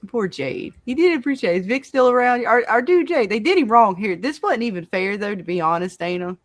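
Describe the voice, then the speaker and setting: A woman's voice: a little high, animated, a little fast, dry recording. A woman on a podcast panel in casual fan-show discussion, talking with profanity and acting out quotes from the show.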